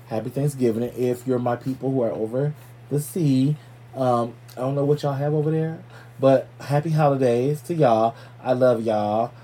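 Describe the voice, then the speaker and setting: Male podcast host, warm dark tone, loose and profane casual banter. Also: mid-range voice, fairly even intonation, normal speed. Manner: loose, profane, playful shout-outs. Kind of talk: casual chat.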